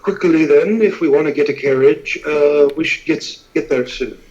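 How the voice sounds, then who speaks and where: A man doing a brisk, hungry adventurer. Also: fairly high pitch, darkish tone, highs cut off, lightly acted.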